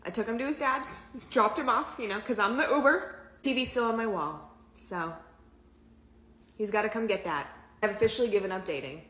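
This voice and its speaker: A woman's voice: mid-range voice, normal speed, fairly bright tone, reverberant. A woman telling a dating story in a casual, chatty, exasperated way, swearing freely. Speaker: TikTok storyteller.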